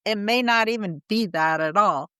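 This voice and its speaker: Smooth-voiced woman hosting a faith podcast. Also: mid-range voice, normal speed, bright, forceful tone, no room sound, studio quality. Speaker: podcast host.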